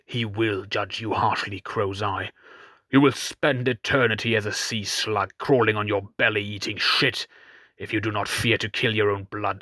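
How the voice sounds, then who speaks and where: A man's voice: on the low side, pushed and bright, no room sound. A man playing a stern, defiant zealot priest.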